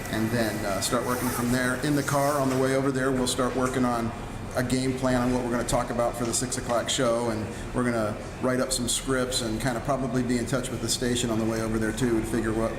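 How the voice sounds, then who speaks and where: Chatty sports reporter man in a noisy car. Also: mid-range voice. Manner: relaxed, rambling, many restarts. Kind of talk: casual chat on a road trip. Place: inside a moving car. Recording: distant mic, loud road noise. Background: car and road noise.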